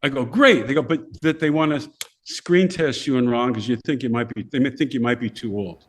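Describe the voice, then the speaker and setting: This older podcast guest talks briskly at a medium pitch while telling casual stories. He's animated throughout and voices the different people in his stories.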